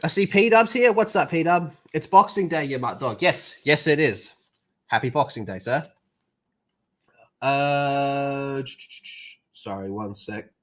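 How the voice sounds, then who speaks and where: A man's voice: mid-range voice, expressive, slow, pauses often. A young man streaming, chatting and ranting in a casual, profane way.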